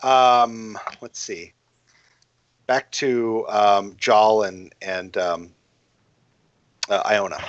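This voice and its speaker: A man narrating a tabletop game as game master, halting and full of fillers and restarts. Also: lowish voice, steady tone, no room sound, dull audio.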